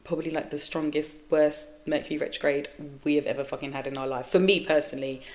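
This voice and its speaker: Speaking fast in a low, steady, slightly mellow voice, this podcast host is a woman in her forties. She talks frankly and emotionally about personal matters, and her monologue is blunt and full of swearing.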